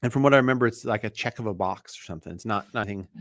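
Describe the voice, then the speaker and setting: A man hosting a live mortgage Q&A stream, talking in a relaxed, chatty way with lots of fillers and restarts, sounding tired. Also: lowish voice, very fast, dry recording, clean studio sound. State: tired, yawning.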